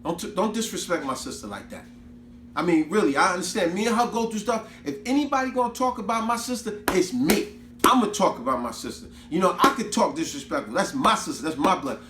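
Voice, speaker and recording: A feisty young woman, fiercely loyal to her sister, as a man puts her on. She talks loud, indignant and full of slang, pitched well up. It sounds like a roomy space with faint noise behind. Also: expressive, brisk. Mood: firmly protective.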